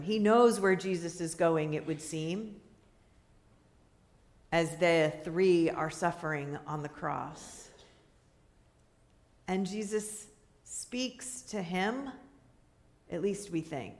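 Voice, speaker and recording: A woman's voice: fairly low pitch, takes it slowly, long pauses. A woman pastor preaching a sermon in a conversational way, checking in with her listeners. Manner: conversational, asks the listeners questions, light laughter. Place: church sanctuary.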